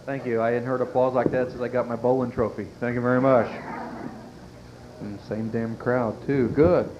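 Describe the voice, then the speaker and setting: A man's voice: mid-range voice, level tone, normal speed. A male comedian, doing a crude, self-mocking stand-up routine and talking to the club crowd. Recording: dull lo-fi 1990s club tape. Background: audience laughter and faint room noise.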